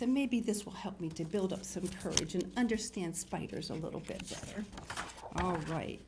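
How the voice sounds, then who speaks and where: An older woman hosting a children's show, reading a picture book aloud and chatting warmly to young viewers. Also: medium pitch, very noisy. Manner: animated, storytelling, talks to young viewers. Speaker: children's TV host.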